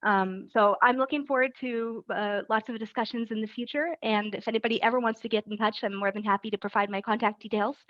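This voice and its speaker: A woman's voice: a little high, steady tone, quick pace, few pauses, no room sound, highs cut off. A woman closing her candidate speech in a friendly, open way with some hesitations. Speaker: candidate for advisory council.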